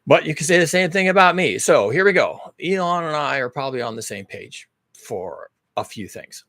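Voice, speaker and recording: A man's voice: fairly high pitch, expressive, moderate pace, bright, forceful tone, no room sound, clean studio sound. A man hosting his own channel, talking through big questions in a rambling, emphatic monologue full of rhetorical questions. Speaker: host. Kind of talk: casual monologue.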